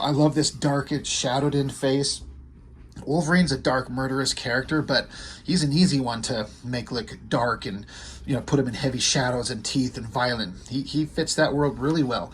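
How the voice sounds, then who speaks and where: A man's voice: mid-range voice, moderate pace, a little hiss or hum. A man casually talking through a comic book page by page, rambling and enthusiastic with offhand asides. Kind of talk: casual video commentary.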